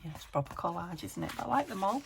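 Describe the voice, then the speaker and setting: A woman from the UK, a craft vlogger, chatting casually to camera and thinking aloud as she works, with soft half-whispered asides. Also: lowish voice, lively intonation, quick pace, vocal fry. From United Kingdom.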